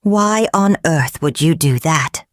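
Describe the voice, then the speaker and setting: A woman voicing a calm, concerned male king in a storybook. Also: deep voice, slow pace, no room sound, clean studio sound.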